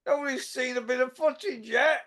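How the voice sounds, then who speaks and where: A man's voice: extremely high pitch, brisk, fairly bright tone. A man hosting a casual boxing chat, blunt and sweary, laughing often. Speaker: host.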